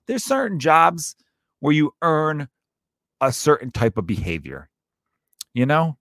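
A man's voice: on the high side, very animated, unhurried, long pauses, fairly bright tone, dry recording, studio quality. A middle-aged man telling a rambling, profane comic monologue, breaking into mocking voices for the people in his stories. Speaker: comedian.

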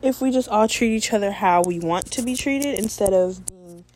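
A woman vlogger talking fast in a blunt, profane casual rant. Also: mid-range voice, darkish tone, a little hiss or hum. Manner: blunt, heavy swearing. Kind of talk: casual ranting monologue.

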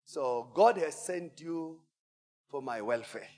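A man preaching, voicing a crafty male lion in a fable with a hushed, sly tone. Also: on the high side, lively intonation, takes it slowly, pitched below the performer's own voice. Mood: smug. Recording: church hall reverb.

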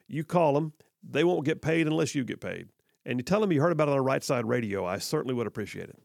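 Man, radio host, folksy, gravelly, dry studio sound. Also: mid-range voice, lively intonation, a little mellow, dry recording. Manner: folksy, joking, drawling when slowing down. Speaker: radio talk show host. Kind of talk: casual talk radio with live ad read. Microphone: studio microphone.

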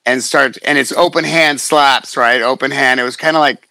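A middle-aged man, a fighter, telling stories in casual chat, profane and animated, acting out quotes. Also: mid-range voice, moderate pace, gravelly, dry recording. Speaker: guest, fighter.

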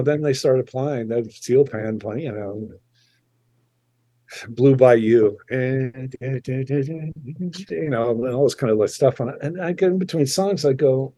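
An older man, a musician, telling a rambling, animated anecdote in a casual chat. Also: medium pitch, no room sound. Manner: rambling, animated storytelling with restarts and chuckles. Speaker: musician guest.

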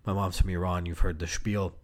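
A man from the United States hosting a podcast, telling casual stories with loud bursts, quick asides and swearing. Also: deep voice, little pitch movement. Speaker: podcast host. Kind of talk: casual storytelling monologue.

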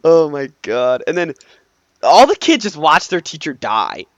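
Male podcast co-host, higher-pitched, very expressive, casual chat over a call. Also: measured pace, no room sound, dull audio. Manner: animated, jumps in with quoted lines.

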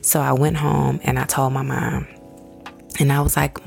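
A woman's voice: deep voice, steady tone, normal speed, creaky, a little mellow, soft background music. A woman, telling a personal story in a casual, conversational way and calling her listeners y'all. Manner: conversational, addresses listeners as y'all, acts out quoted voices.

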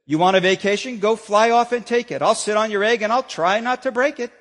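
A pastor voicing a gentle, faithful male elephant from a storybook, speaking steadily and earnestly. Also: sits high, fairly quick, big-room sound, close to an everyday voice.

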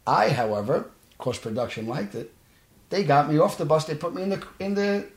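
Brisk and fairly high-pitched, the voice belongs to an actor from Brooklyn, New York, chatting casually on a podcast. Animated throughout, he acts out quoted lines as he tells his stories in a Brooklyn accent, with roomy studio echo around him.

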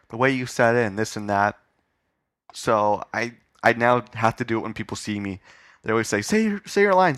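On a live stage before an audience, a man hosts his own podcast as a casual interview, rambling and mocking himself with filler words. His voice is fairly low and fairly bright, with no echo.

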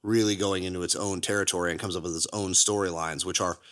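A man co-hosting a podcast, chatting casually about movies, laughing often and jumping high in pitch for emphasis. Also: steady tone, fast, fairly bright tone. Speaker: podcast co-host.

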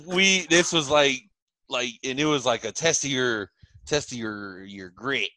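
A man from Texas, telling a childhood story in a relaxed, low-key way. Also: unhurried, dry recording, low-quality recording. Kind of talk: casual storytelling.

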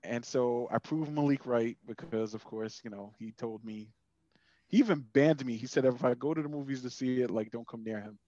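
A man co-hosting a casual podcast chat, talking in an animated way and jumping his pitch for quoted asides. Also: normal speed, no echo, highs cut off. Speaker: podcast co-host.

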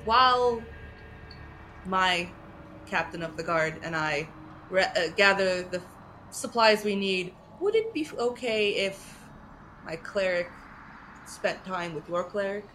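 Player: a woman, slow and halting, lively pitch, bright tone. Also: slight background noise, poor audio. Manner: halting, stops to rephrase. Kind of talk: tabletop role-play.

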